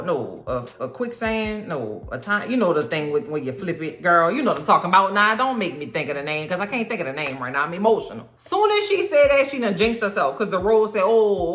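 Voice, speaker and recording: A woman's voice: mid-range voice, roomy sound. A woman, chatting casually and animatedly through a TV episode recap. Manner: chatty, animated, quick asides. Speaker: TV recap vlogger.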